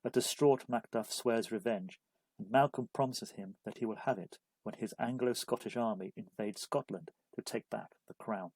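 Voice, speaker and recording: A man giving a measured, scripted narration of a literature study guide. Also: on the low side, a little mellow, husky, no echo, rough recording. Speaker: literature explainer.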